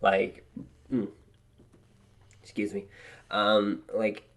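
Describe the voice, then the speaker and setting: A woman with a rumbling low voice co-hosts a podcast, speaking very slowly with a flat delivery. She sounds apologetic and hesitant in the casual chat, using many ums and likes, and it's recorded in an apartment she has just moved into.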